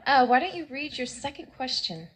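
A woman's voice: high-pitched, very animated, fairly quick, breathy edge. A woman hosting a game show in a bubbly, directing manner.

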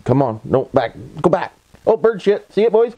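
A high, very animated male voice at a moderate pace, captured with dull audio. The Canadian-accented vlogger talks casually into a voice-over mic, folksy and rambling, peppering his lines with catchphrases and tag questions.

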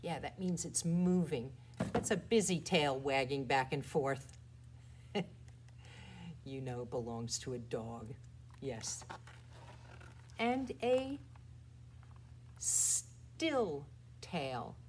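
Playful children's librarian woman, very slow. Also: rumbling low, lively intonation, slight background noise. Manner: playful, exaggerated loud and soft voices for toddlers. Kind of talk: storytime rhymes and picture-book reading.

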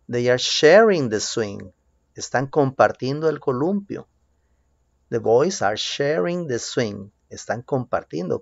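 A male teacher with a Mexican Spanish accent leads a bilingual English drill for children. He talks very slowly, with a lively, up-and-down pitch. The voice has some gravel and sounds dull and lo-fi. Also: no echo. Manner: slow, drawn-out drills with lively rising prompts.

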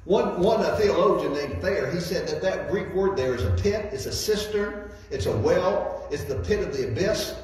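A man's voice: high-pitched, animated, moderate pace, few pauses, a little mellow. A man preaching a sermon as a guest speaker, folksy and repeating words as he builds his points. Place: church hall. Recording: echoey hall, distant mic, faint noise.

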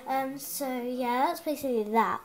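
In a high-pitched voice at a moderate pace, the young gaming vlogger talks casually into a headset mic from home. The chatter is excitable and meandering, full of ums and restarts.

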